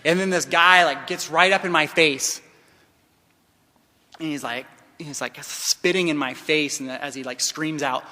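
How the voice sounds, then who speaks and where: A man delivers a keynote talk in a large hall, and the long reverb trails his voice. He speaks with a bright, forceful tone that sits a little high for a man. His storytelling is impassioned, swinging between hushed passages and loud ones. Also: unhurried.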